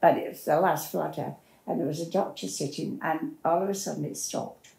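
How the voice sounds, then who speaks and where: Older woman, gravelly and mellow. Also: low voice, a little fast. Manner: plain-spoken, rambling recollection with restarts. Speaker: interviewee. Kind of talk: personal storytelling. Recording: roomy echo.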